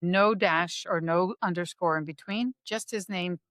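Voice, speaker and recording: A woman co-hosting a podcast, chatting lively and spelling things out in a teacherly way. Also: on the low side, measured pace, dry recording, studio quality. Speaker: podcast co-host. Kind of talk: casual interview chat.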